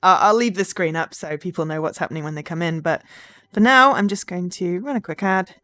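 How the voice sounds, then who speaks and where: A woman's voice: on the low side, a little fast, fairly bright tone. A woman chatting casually on a live charity gaming stream, rambling with lots of ums.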